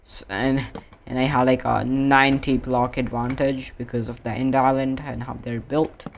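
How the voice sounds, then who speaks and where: Give me a rambling gaming streamer from India, mid-pitched, with light typing noise behind. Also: little pitch movement, creaky, lo-fi sound. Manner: rambling, self-correcting, drawn-out fillers. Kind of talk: casual gaming stream chat.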